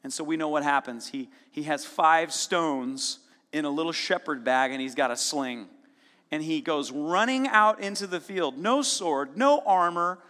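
A man preaching a sermon, retelling a story in a casual, lively way and voicing its characters with sudden bursts of intensity. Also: a little high. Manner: storytelling with casual asides and quick dramatic voicing. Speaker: pastor. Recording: long reverb of a large hall.

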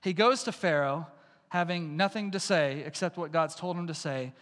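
A man's voice: fairly high pitch, normal speed, a bit bright, in a large hall. A man preaching a sermon as pastor, emphatic and repeating lines for stress.

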